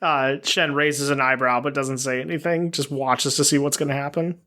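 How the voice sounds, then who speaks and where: A man's voice: mid-range voice, steady tone, moderate pace, pushed and bright. A man playing a tabletop game casually, plainly describing his character's actions. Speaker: player.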